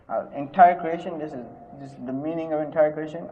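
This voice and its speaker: A man giving a sermon, telling stories with loud emphatic rises and sudden soft drops. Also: a little high, fairly quick. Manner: mixes in Hindi/Urdu phrases. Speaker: preacher. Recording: dull sound with long hall reverb.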